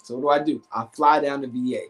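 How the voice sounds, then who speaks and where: A man, a relationship coach, telling a personal story on a casual live stream. He is animated, slangy and profane, and acts out the voices in his head. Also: mid-range voice, fast.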